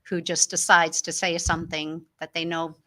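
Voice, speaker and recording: A woman's voice: deep voice, level tone, normal speed, bright, forceful tone. A middle-aged woman hosting a talk show, telling personal family stories in an earnest way and springing into livelier voices when she quotes others. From Illinois. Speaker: host. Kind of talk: personal storytelling monologue.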